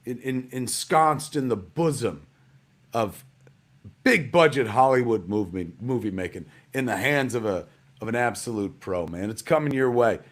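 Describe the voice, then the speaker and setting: A man's voice: mid-range voice, expressive, normal speed. A middle-aged man hosting a live stream from home in a rambling, jokey casual way, calling everyone "man" and "kids".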